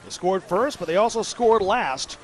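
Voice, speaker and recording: A man calling a live high school football game play-by-play, excitable and shouting on big plays. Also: moderate pace. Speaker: play-by-play commentator. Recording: loud crowd and field noise.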